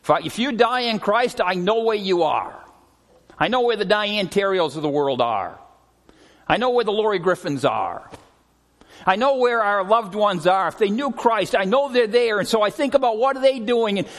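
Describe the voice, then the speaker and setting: High-voiced pastor preaching in a reverberant hall. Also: male voice, a bit bright. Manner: earnest storytelling preacher, often slowing and dropping his voice for emphasis. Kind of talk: sermon. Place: church sanctuary.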